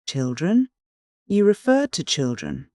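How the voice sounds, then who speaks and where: A man voicing an earnest, excitable young idealist who speaks eagerly and preachily, in an audiobook. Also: fairly high pitch, slow, dry recording, studio quality, exaggerated voice.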